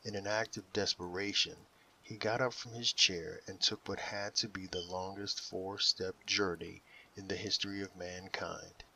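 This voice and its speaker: A man narrating an original audiobook in a slow, deliberate dramatic reading style. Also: low-pitched, level tone, creaky, bright, forceful tone, distant mic, slight background noise, rough recording.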